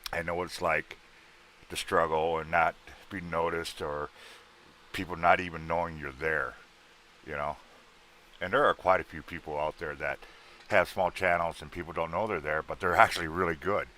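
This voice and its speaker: Man, livestream host, low pitch, bright tone, loose joking chat, slightly worn voice. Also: fairly even intonation, moderate pace, slight background noise. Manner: loose, joking, greets viewers by name. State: voice worn out from an earlier show.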